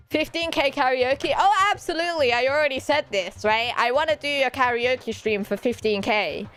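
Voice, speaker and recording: A woman with a British accent, a VTuber streamer chatting casually with her viewers and answering their questions, giggly, animated and teasing. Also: high-pitched, normal speed, soft background music.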